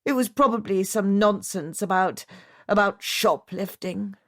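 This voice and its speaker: A woman's voice: mid-range voice, measured pace, dry recording, clean studio sound, voice pushed up, lightly acted. A woman voicing a distraught middle-aged widow, her voice pleading, teary and strained as it rises.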